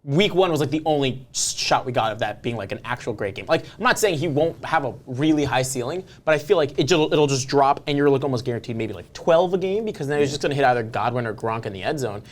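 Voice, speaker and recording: A man's voice: medium pitch, expressive, quick pace, few pauses. A man co-hosting a casual podcast, talking in a loose, rambling way. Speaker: podcast co-host.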